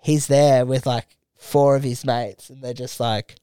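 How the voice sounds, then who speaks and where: A man's voice: medium pitch, unhurried, clear, resonant tone, dry recording, studio quality. A young Australian man co-hosting a podcast, telling a crude travel story in casual chat and acting out the people in it. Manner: animated, acts out quotes, heavy swearing. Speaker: podcast co-host.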